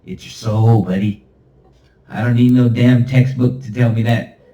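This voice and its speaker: A man's voice: medium pitch, flat delivery, unhurried, mellow, highs cut off. A man hosting a solo podcast monologue. He talks in a rambling, emphatic, preachy way and chuckles now and then. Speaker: podcast host. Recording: roomy, far from the mic.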